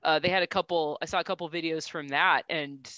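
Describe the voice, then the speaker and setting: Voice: medium pitch, fairly even intonation, fairly quick, bright, forceful tone, no room sound, muffled recording. A podcast co-host gushing with enthusiasm in casual talk. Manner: enthusiastic, effusive. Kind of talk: casual interview.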